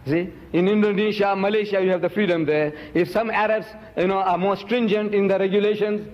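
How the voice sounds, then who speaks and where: A man giving an emphatic, accusing public lecture, jumping sharply up in pitch on key words. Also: fairly even intonation, brisk, long reverb tail, dull audio. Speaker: Muslim preacher and debater.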